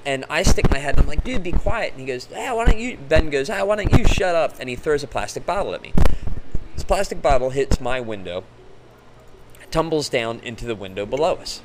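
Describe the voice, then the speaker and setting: A middle-aged man telling a long, animated road story as a guest, acting out other people's voices and laughing often. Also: mid-range voice, brisk, noisy background. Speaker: musician guest. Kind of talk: casual storytelling.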